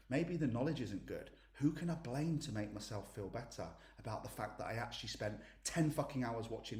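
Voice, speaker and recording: A man's voice: fairly low pitch, a little mellow. A man leading a motivational coaching session, blunt and emphatic, swearing freely. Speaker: mindset coach. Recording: roomy echo.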